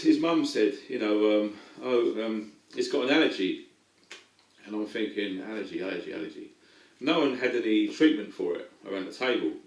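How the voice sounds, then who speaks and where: A man's voice: medium pitch, darkish tone, reverberant, recorded from a distance, poor audio. A middle-aged man telling a personal story to camera, chatty and rambling with lots of ums. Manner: rambling, many ums and restarts. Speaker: vlogger.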